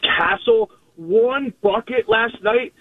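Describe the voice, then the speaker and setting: A man calling in to a sports radio show, hoarse from screaming, brash and trash-talking. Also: extremely high pitch, slow, dry recording. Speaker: caller. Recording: tinny phone line.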